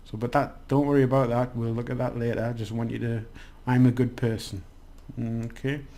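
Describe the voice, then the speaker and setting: A man's voice: medium pitch, little pitch movement, fairly quick, warm tone. A man giving a casual language lesson, chatty and rambling with many restarts. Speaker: language teacher.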